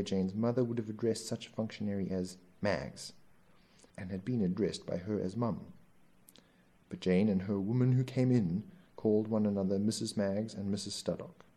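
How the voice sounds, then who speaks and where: Deep, gravelly male audiobook narrator. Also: dark tone. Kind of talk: scripted novel narration.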